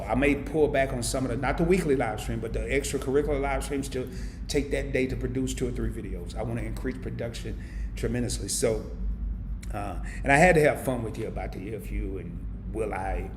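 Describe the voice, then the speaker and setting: A man hosting a casual live stream, reading viewer comments aloud and answering them playfully, swinging from loud hype down to low murmurs. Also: echoey room, slight background noise. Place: home.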